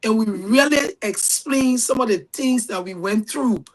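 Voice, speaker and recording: High-voiced Liberian woman telling stories. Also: unhurried, low-quality recording. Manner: animated storyteller, shouts quoted voices. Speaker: guest. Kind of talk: casual storytelling.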